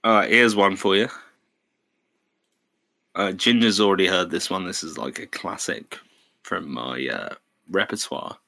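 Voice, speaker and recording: Male podcast host, low and bright, rambling joke-teller who swears a lot. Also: unhurried, creaky, long pauses. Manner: rambling, swears freely, acts out characters in his jokes. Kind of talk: casual chat, telling a long joke.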